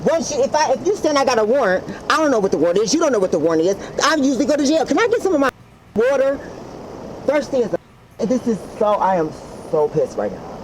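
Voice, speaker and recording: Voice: sits high, expressive, fast talker. पुलिस से गुस्से में बहस करता एक हिरासत में लिया गया व्यक्ति, आवाज़ ऊपर-नीचे होती है, शोर भरी पुलिस कैमरा रिकॉर्डिंग।. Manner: angry, repeats oaths. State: agitated. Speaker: person being detained. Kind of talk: heated argument with police. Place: outdoors at a hotel. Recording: noisy police camera footage.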